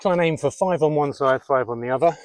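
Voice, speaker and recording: A man's voice: on the high side, quick pace. A man leading an outdoor workout in the woods, coaching viewers through exercises and counting reps aloud. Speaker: fitness vlogger.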